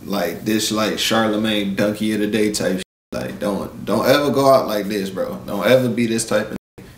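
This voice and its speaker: A man's voice: lowish voice, moderate pace. Blunt slangy man ranting, echoey room. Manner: blunt, preachy street slang, repeats "bro". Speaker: live-stream commentator. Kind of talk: casual commentary rant.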